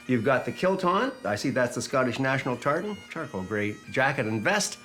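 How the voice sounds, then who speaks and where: A man's voice: medium pitch, sing-song, moderate pace, pushed and bright. A man interviewed as a bagpiper, explaining history in an easy storytelling way. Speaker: bagpiper and guest. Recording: faint music behind.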